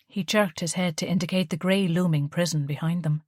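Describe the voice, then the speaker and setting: Narrating an audiobook, this woman keeps a steady, measured delivery in a voice on the low side. There's no echo, just clean studio audio.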